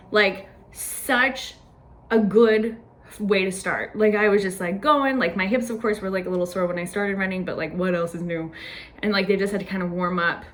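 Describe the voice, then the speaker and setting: A woman's voice: medium pitch, a bit bright. Young woman, casual personal recap, chatty, filler-heavy, laughs often. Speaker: podcast host.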